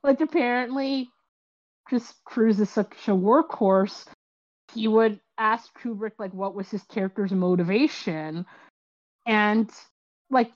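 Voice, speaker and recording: Animated woman telling a story. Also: mid-range voice, slow pace, highs cut off. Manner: animated storytelling, acts out quotes, many fillers. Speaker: podcast host. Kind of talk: casual chat about films.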